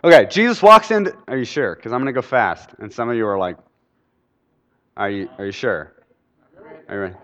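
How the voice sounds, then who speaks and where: A man preaches a sermon in a lively, animated way, constantly checking in with his listeners. His voice sits fairly high. A long hall reverb trails every phrase. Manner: animated, keeps quizzing the audience.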